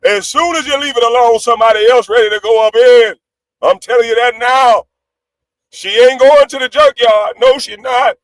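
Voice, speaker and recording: A man ranting on a live stream panel in a brash, profane way. He swings between loud outbursts and low, laughing asides. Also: animated, brisk, few pauses, no echo, rough recording. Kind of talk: heated livestream rant.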